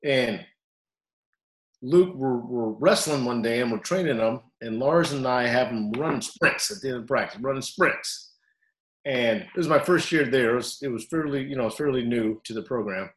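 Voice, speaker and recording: A man who coaches wrestling tells stories with animated energy, often bursting louder when he acts out what people said. His voice sits at a middle pitch and rings in a roomy echo. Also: normal speed. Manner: animated storyteller, acts out quotes loudly. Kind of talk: storytelling interview.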